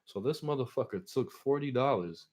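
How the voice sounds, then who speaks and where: A man with a mid-pitched voice tells a story in a casual, rambling way. He is animated and profane, and he talks straight to his viewers. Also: normal speed. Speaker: channel host.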